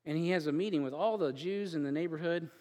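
A man preaching a sermon, moving from quiet joking asides with chuckles to loud, emphatic build-ups. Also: on the high side, fast talker, long reverb tail. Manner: chuckles and jokes between scripture readings. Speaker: pastor.

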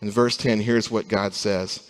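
A man's voice: lowish voice, steady tone, unhurried. Man preaching in a reverberant hall. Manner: preaching with swells from quiet to loud emphasis. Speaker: pastor. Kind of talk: sermon.

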